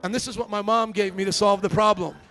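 A man with a fairly high voice preaches to his church, animated and storytelling, slipping into little acted voices. Soft music sits faintly behind him. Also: quick pace. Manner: lively storytelling, acts out quoted voices. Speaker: pastor. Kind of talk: sermon.

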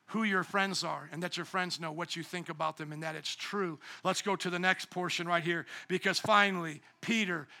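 A man preaching a sermon with a high, very bright and forceful voice. He talks in an animated way and raises his voice as he acts out the quoted lines. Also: vocal fry. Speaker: pastor.

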